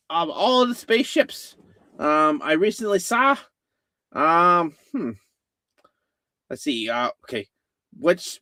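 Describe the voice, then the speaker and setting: A man's voice: a little high, sharp tone, dry recording, clean studio sound. A man hosting a casual live-stream chat, rambling with many fillers and restarts. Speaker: host.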